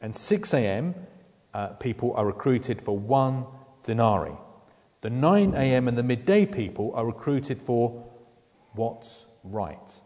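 A man's voice: mid-range voice, expressive, unhurried, darkish tone. A man preaching a sermon in a conversational way, often putting questions to the listeners. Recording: long hall reverb.

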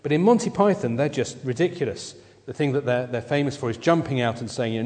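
A man preaching a sermon in a church, conversational and halting, with many fillers as he goes. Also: medium pitch, darkish tone, big-room sound.

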